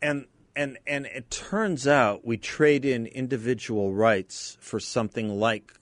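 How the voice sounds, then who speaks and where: A man hosting a studio radio talk show, joking with his guests and laughing loudly at his own stories. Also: medium pitch, takes it slowly, dry recording.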